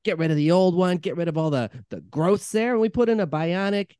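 A man's voice: sits high, brisk, a little mellow, clear, resonant tone, no echo, clean studio sound. A man in an improv comedy scene rattling off goofy, eager patter.

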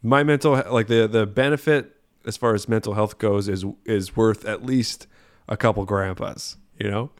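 A man co-hosting a podcast in casual chat, musing in a relaxed way. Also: fairly low pitch, normal speed, dry recording. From Canada. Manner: musing, relaxed, uses "you know". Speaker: podcast co-host.

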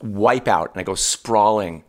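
A man guest on a podcast, telling a story about himself in a casual, animated, self-deprecating way. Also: fairly low pitch, measured pace.

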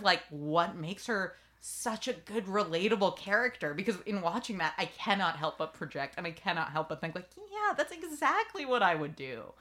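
A woman hosting a podcast, recapping a TV episode in lively casual chat and acting out lines from the scenes. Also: fairly low pitch. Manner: lively storytelling, acts out quotes. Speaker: podcast host.

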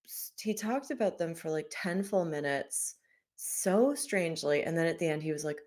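A woman in casual chat, telling an animated story about a bad date and mimicking the man's lines. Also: sits low, moderate pace.

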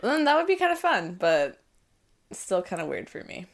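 A woman in her twenties telling a personal story as a podcast guest, chatty and animated, full of fillers. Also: mid-range voice, moderate pace. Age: 20s. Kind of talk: casual storytelling.

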